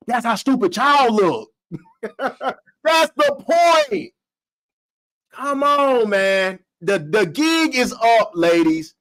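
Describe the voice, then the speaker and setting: A man co-hosting a podcast, giving a loud, preachy mock-trial argument, laughing often. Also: very high voice, animated, slow pace, rough recording. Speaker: podcast co-host arguing the defense.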